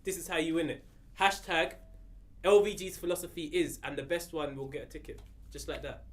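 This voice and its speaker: A man's voice: fairly high pitch, steady tone, a little fast. A man hosting football banter and hyping up a giveaway playfully.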